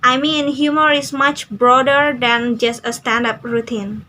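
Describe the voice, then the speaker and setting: Young woman reading a transcript slow and careful, high bright voice, trips on a word here and there. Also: flat delivery, slight background noise, rough recording. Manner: careful reading with small slips and restarts. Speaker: student. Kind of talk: reading an interview transcript aloud.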